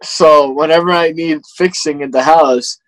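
A young man in his twenties, a guest actor in a casual interview, talking earnestly with halting restarts. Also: on the high side, steady tone, no echo, poor audio. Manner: earnest, halting, many restarts and "you know".

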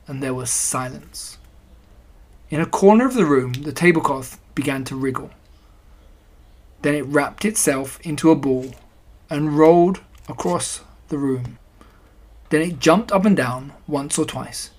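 A reader narrating a children's storybook in a gentle, even telling. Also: mid-range voice, a little slow, breathy edge. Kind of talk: storybook reading.

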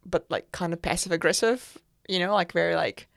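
A young woman from Kazakhstan telling her story in a casual interview, chatty, with lots of fillers and lively quoted voices. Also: on the low side, a little fast, creaky, no room sound, studio quality. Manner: chatty storyteller, many fillers, laughs often, animated quoting. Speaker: interview guest.

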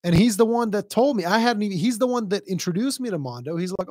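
A man hosting a podcast in casual, profane chat about fighting, animated and mocking as he retells stories. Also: high-pitched, fast talker. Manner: profane, animated, mocks others' shouting. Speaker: podcast host; former fighter.

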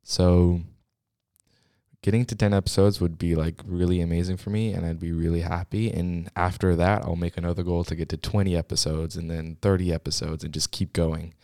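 A young man with a very low voice talks casually into a studio microphone, rambling and restarting his sentences. He keeps running short of breath between quick bursts of talk. The sound is dry and close, with no room echo. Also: little pitch movement, mellow. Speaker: podcast host. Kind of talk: casual solo podcast chat. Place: small school podcast studio.

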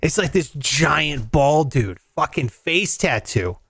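A man hosting a show, telling a story in casual, profane, animated chat and acting out the voices in it. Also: a little high, slow pace, husky, dry recording. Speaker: radio show host. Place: in Las Vegas.

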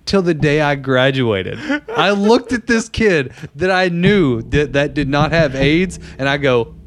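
A young man co-hosting a podcast, telling a story in a relaxed, profane way, laughing as he goes. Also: on the high side, a little slow. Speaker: podcast co-host. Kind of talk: casual storytelling chat.

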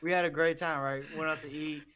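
A man's voice: on the high side, fairly even intonation, fairly quick, sharp tone. A man co-hosting a podcast in casual banter, telling stories in a blunt, profane way. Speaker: podcast co-host.

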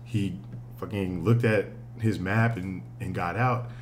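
Low-voiced man telling a story. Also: slow pace, soft background music. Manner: animated, profane, laughs often. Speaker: podcast co-host. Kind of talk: casual storytelling chat.

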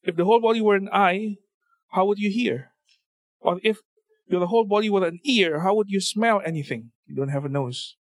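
Higher-voiced man giving a church talk. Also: moderate pace, dry recording. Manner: conversational, with many fillers and repeated words. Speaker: church speaker. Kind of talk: informal church talk with scripture reading. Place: church service venue.

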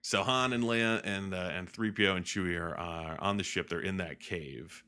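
A man's voice: deep voice, normal speed, smooth. A man hosting a podcast, animatedly recapping a film with swearing and laughter, slipping in voices. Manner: animated, profane, laughing storyteller. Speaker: podcast host.

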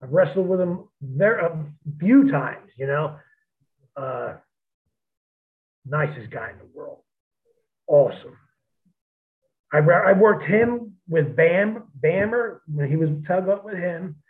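A former pro wrestler rambles through his old stories, blunt and full of cursing. His voice sits a bit high for a man and comes through a tinny, phone-like line. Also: lively intonation, takes it slowly, long pauses. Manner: profane, blunt, rambling anecdotes. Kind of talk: casual storytelling.

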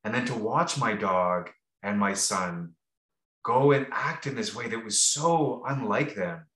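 A man's voice: on the low side, expressive, measured pace, fairly bright tone. A man co-hosting a podcast, telling a rambling, casual story with many restarts and fillers. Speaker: podcast co-host. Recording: roomy echo.

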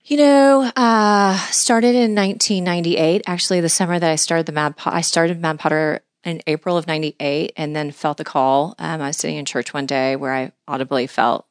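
Low-voiced earnest middle-aged woman. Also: steady tone, normal speed, hardly any pauses, dry recording, clean studio sound. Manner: earnest, heartfelt, talks through long stories. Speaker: podcast guest, angler and mission leader. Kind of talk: conversational storytelling.

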